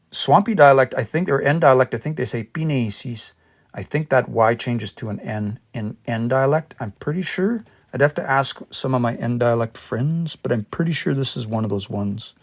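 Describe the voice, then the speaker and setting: A man leading a casual livestream language lesson. He thinks aloud and spells words out letter by letter while patiently working through examples. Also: medium pitch. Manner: explains patiently with worked examples. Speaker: language learner teaching a livestream study session.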